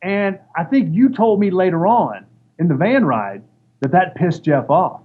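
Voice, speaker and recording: Speaking a little slowly in a high voice, a man who used to wrestle shares casual stories as an interview guest. He animates the tales by performing the voices of the people he quotes. Faint noise sits under a dull, lo-fi recording.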